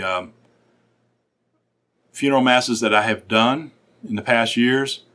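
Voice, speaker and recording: A middle-aged man, a fraternal order's state secretary, giving earnest instructional advice to council leaders with frequent pauses. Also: lowish voice, fairly bright tone.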